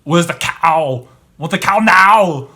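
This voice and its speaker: A man doing a loud impression of a gruff action-star bodybuilder demanding beef at a vegan restaurant. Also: a little high, expressive, takes it slowly, voice pushed up, exaggerated voice. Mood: outraged. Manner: shouting, gruff.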